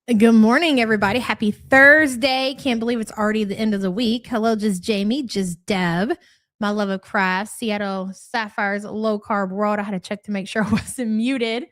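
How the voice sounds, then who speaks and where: A woman's voice: mid-range voice, steady tone, moderate pace, fairly bright tone, dry recording, studio quality. A woman with a cold hosting a live stream, chatting casually and greeting viewers by name one after another. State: stuffy, has a cold.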